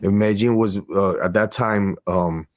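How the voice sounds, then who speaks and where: Man, very low voice, casual interview storytelling, slangy, acts out what people said. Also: moderate pace. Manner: animated storyteller who acts out quoted dialogue; street slang, loose and profane. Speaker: interview guest.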